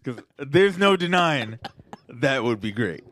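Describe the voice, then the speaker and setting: A man's voice: medium pitch, big pitch swings, slow pace, fairly bright tone. A man co-hosting a casual podcast chat, loose and profane, joking and slipping into mocking voices. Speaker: podcast co-host.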